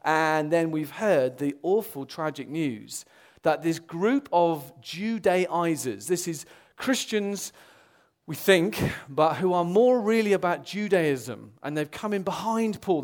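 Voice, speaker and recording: A young man preaching a sermon to a congregation, animated and earnest, rising to loud exclamations and dropping to quiet, serious tones. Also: on the high side, slow pace.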